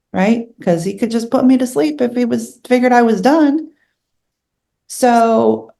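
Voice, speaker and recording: A woman's voice: mid-range voice, gravelly, warm tone. A middle-aged woman telling her own story as an interview guest, earnest and candid, emotional as she recalls hard moments.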